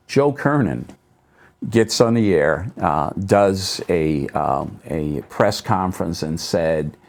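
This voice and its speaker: Taking it slowly in a creaky voice, a middle-aged pastor tells stories as a talk show guest at a local public access TV studio. He animates the tales by voicing others' remarks in sudden higher tones and lowering his voice for asides.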